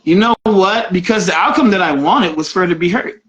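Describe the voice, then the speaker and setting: A man's voice: sits high, brisk, fairly bright tone, dull audio. A man co-hosting a casual chat, telling frank personal stories and laughing often. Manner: laughs often, candid storytelling. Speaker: podcast co-host.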